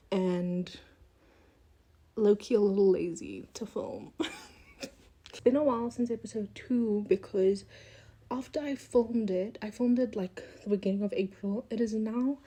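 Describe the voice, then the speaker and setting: A woman's voice: medium pitch, measured pace, long pauses, warm tone, breathy edge. A woman in her twenties hosting her own podcast, rambling and chatty, laughing often and slipping into whispered asides, recorded on a phone at home. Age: 20s. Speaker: podcast host. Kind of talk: casual chat. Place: indoors, room at home with windows. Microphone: phone held in hand.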